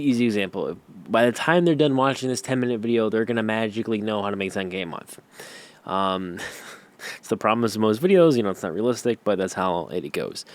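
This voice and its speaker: A young man giving a casual tutorial, talking loosely with many ums and restarts while sketching on screen. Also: fairly low pitch. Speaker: YouTube growth course teacher.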